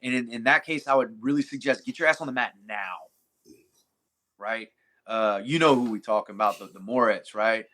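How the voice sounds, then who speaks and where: A man speaks in a bright, forceful voice. He is a middle-aged jiu-jitsu coach who lectures bluntly and swears freely in a relaxed podcast conversation. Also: mid-range voice, moderate pace. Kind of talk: casual podcast chat.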